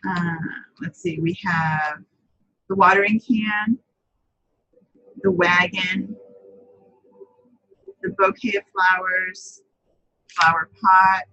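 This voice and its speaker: A woman's voice: lowish voice, steady tone, takes it slowly, long pauses, sharp tone, highs cut off, slight background noise. A woman hosting a live papercrafting chat, talking casually, answering viewers by name and often correcting herself as she goes.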